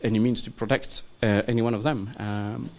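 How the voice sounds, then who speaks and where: A man's voice: lowish voice, fairly even intonation, a little fast, darkish tone. Hesitant man teaching a Bible class. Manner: hesitant, many ums and checking okays. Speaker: teacher of a church study group. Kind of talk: informal classroom lecture.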